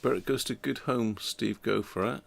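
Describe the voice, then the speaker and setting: A man's voice: lowish voice, moderate pace, creaky. A man hosting a radio repair channel, chatting casually with viewers while he works and thinking aloud with trailing fillers.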